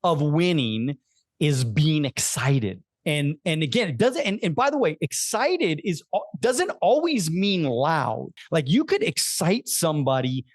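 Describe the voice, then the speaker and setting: Man, podcast host, lively pitch, emphatic, dry close-mic sound. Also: a little slow, dry recording. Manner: animated, emphatic, keeps checking in with "right?". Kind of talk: casual podcast conversation.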